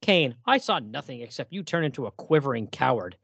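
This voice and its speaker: A man voicing a jittery, excitable male comic-book storyteller in a raised, agitated voice. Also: mid-range voice, brisk, vocal fry, dry recording, lo-fi sound, full character voice.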